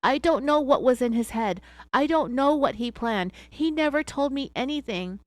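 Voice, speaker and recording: A woman's voice: high-pitched, lively intonation, normal speed, no echo, pitched above the performer's own voice. A woman voicing a defensive middle-aged wife who insists on her innocence under police questioning, in a raised, pleading tone. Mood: insistent.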